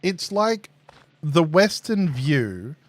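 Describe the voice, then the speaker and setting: Slow-talking Australian man streamer. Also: fairly high pitch, sing-song. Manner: rambling, chatty, laughs at his own stories. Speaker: gaming streamer. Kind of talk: casual storytelling while gaming.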